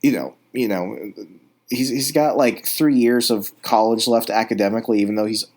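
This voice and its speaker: A man's voice: lowish voice, normal speed, darkish tone. A man hosting a podcast, giving earnest, rambling commentary with frequent restarts. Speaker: podcast host. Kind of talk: casual reaction commentary.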